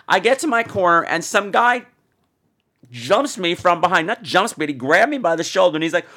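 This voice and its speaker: A man's voice: high-pitched, very animated, brisk, pushed and bright. A man in his thirties hosting a podcast, telling a campy comic story with lots of mock voices. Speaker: podcast host. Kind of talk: comic monologue.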